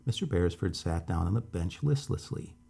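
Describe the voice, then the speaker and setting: A man calmly reading a story aloud as a bedtime storyteller. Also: deep voice, fairly quick, gravelly.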